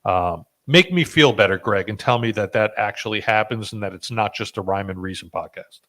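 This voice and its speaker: A man with a lowish voice hosts a podcast in a relaxed, joking way. He talks loosely, often restarting his sentences and filling pauses with ums. The tone stays casual and conversational. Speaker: podcast host.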